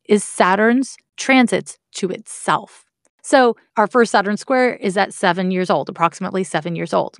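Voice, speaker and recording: A woman's voice: mid-range voice, no echo, clean studio sound. A woman explaining astrology in a casual, candid way, swearing now and then and making wry asides. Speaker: astrology teacher.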